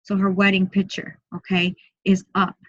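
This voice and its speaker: A woman working as a medium, giving an online group reading in a soft, slow, repetitive way and often speaking in first person for the spirit. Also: medium pitch, monotone, husky, dry recording, lo-fi sound.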